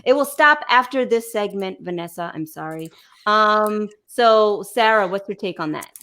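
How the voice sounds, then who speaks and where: A woman hosting a casual panel chat, reading celebrity gossip aloud with animated, dramatic flair. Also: mid-range voice, moderate pace. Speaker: podcast host.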